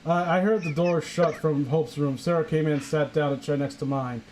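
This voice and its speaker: Young guy reading cringey fanfic out loud, kinda high voice, super sarcastic. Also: steady tone, moderate pace, background noise. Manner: sarcastic, exasperated, breaks into laughter. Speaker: host reading fan fiction aloud. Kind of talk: comedic dramatic reading with commentary.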